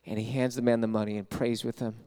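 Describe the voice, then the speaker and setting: A man preaching a sermon as a pastor, telling a story with animated delivery and acting out what people said. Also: medium pitch, fast talker, clean tone. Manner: animated storyteller who acts out quoted voices.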